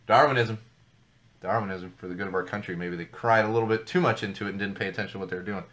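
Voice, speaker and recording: A man's voice: on the low side, steady tone, rapid-fire, a bit bright. Rambling, jokey male podcast host. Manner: rambling, jokey asides, repeats for emphasis. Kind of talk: casual solo commentary on news.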